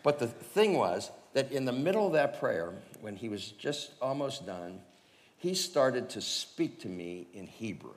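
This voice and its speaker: A man preaching and telling his own conversion story, animated and chuckling, with lots of fillers. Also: medium pitch, a little slow, big-room sound. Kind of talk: personal testimony storytelling.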